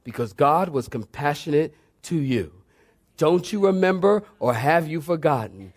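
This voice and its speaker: A male pastor preaching a sermon to a congregation, swinging between soft emphasis and fervent, high-pitched exhortation, sweating as he goes. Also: animated, measured pace. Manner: preaching with rising fervor and dramatic pitch swings. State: sweating from exertion.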